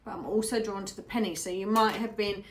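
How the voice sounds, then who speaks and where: A woman's voice: mid-range voice, steady tone, fast talker, slight background noise. A woman giving a casual tarot reading, musing aloud and repeating phrases as she goes. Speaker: tarot reader.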